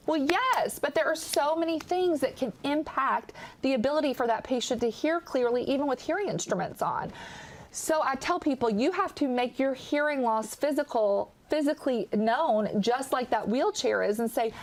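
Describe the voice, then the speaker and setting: A woman's voice: high voice, moderate pace. Upbeat Kentucky woman explaining hearing care. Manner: enthusiastic, acts out patient quotes. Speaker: audiologist guest. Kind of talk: explanatory TV interview talk.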